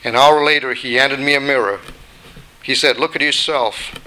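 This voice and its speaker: Brief: man voicing a patient, long-suffering teacup in a storybook parable, bright clear tone. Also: medium pitch, fairly even intonation, moderate pace, slight background noise, close to an everyday voice, poor audio. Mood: recounting. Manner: plain storytelling read-aloud delivery. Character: little china teacup, once ordinary clay, long-suffering.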